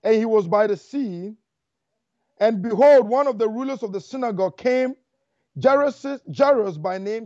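A man preaching a fervent sermon, talking fast and repeating lines for emphasis. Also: high-pitched, warm tone, no echo. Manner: fast, rushing delivery. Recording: dull lo-fi dry recording.

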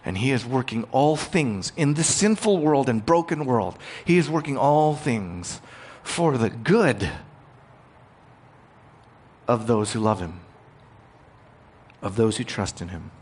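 A man preaching a sermon, growing loud and emphatic on key points and retelling scripture in casual modern paraphrase. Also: mid-range voice, expressive, takes it slowly, pauses often, slightly rough. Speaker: pastor.

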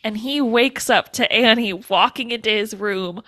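A woman's voice: on the high side, measured pace, sharp tone, no room sound. A young woman co-hosting a podcast, retelling movie scenes in casual chat, laughing and swearing freely. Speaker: podcast co-host.

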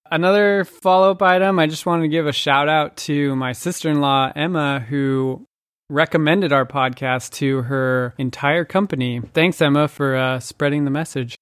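A man's voice: fairly high pitch, normal speed, a bit bright, clear, resonant tone, dry recording, clean studio sound. A man in his thirties hosting a podcast, chatting casually and laughing often as he talks. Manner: laughs often while talking. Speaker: podcast host. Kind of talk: casual chat.

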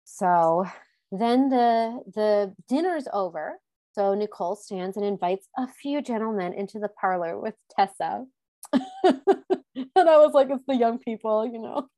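A woman talks through a reality show episode with a friend, chatty and quick to laugh. Her voice sits mid-height and the sound is dry and close, with no room around it. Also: mid-range voice, no room sound. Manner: chatty, animated, laughs often. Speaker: co-host. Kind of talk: casual chat recapping a TV show.

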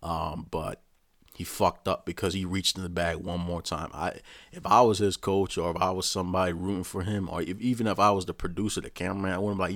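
A deep-voiced man tells a story in a loose, rambling rant, with swearing in almost every line. The sound is dry and close, with no room around it. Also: brisk, no room sound. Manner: profane, rambling, animated storytelling. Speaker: vlogger. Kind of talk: casual rant recapping a show.

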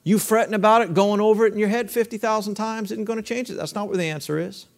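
Male pastor, high-pitched, conversational sermon with call-and-response. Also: fast. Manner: conversational preaching with rhetorical questions and call-and-response.

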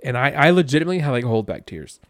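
A man's voice: mid-range voice, racing, dry recording, studio quality. A young man co-hosting a podcast, telling a rambling story in casual chat with lots of fillers. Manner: animated, rambling with many fillers. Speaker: podcast co-host.

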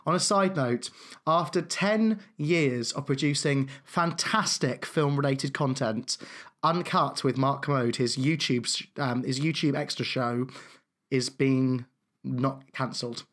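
A man's voice: mid-range voice, unhurried, fairly bright tone. A man co-hosting a film podcast, chatting casually and enthusiastically, with frequent hesitations. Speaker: podcast co-host. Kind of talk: casual chat.

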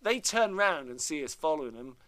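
A man's voice: fairly high pitch, sing-song, fairly quick, fairly bright tone. A middle-aged man from Devon, telling a self-mocking anecdote in casual chat. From Devon, England.

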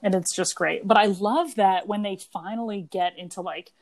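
A young adult woman co-hosting a casual podcast, chatty and quick to laugh as she talks through a TV episode. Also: mid-range voice. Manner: chatty, laughing often, quoting characters. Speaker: podcast co-host. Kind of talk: casual chat.

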